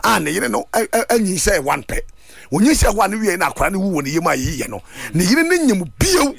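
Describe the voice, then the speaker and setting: A man delivers a fervent sermon in a high, swooping voice that leaps up and down. His tone is raspy and gravelly, and he mixes Twi and English as he calls out to his listeners. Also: big pitch swings, brisk, dry recording. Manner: fervent, mixing Twi and English, shouting at peaks. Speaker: preacher.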